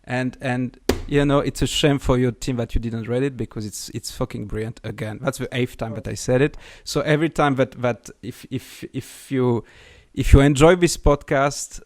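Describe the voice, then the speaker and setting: A man hosts a casual podcast chat, enthusiastic and full of stumbling restarts. His voice has a mid-range pitch. It is recorded dry, with little room sound. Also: normal speed, dry recording. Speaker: podcast host.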